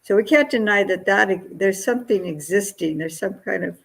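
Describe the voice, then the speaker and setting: A Buddhist nun giving a dharma talk, who hesitates, searches for words and laughs lightly. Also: female voice, medium pitch, brisk, vocal fry, husky, poor audio.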